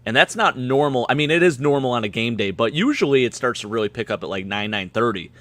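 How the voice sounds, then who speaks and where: Man, hoarse voice, a bit tipsy, rambling excited chat, dry sound. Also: medium pitch, fast, dry recording. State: slightly hoarse. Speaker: guest fan panelist. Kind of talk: casual chat.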